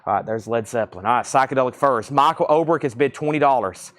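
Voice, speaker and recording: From a record shop, a man with a Southern accent hosts a live-stream record auction, firing off titles, conditions and prices. He talks fast in a mid-range, slightly bright voice.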